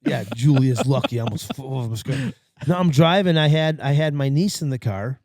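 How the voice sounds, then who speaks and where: A man co-hosting a podcast, telling a story in casual chat, profane and animated, acting out what people said. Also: medium pitch, fairly quick, dry recording, clean studio sound. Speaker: podcast co-host.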